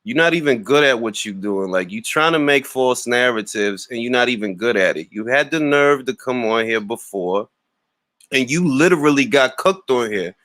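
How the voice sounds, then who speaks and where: A man in the middle of a fired-up livestream rant, trash-talking with scornful laughs and shout-outs to his chat. His voice sits at an ordinary pitch and sounds close and dry, with no room around it. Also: expressive, moderate pace, no echo. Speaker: boxing talk show host. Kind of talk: livestream commentary, greeting chat.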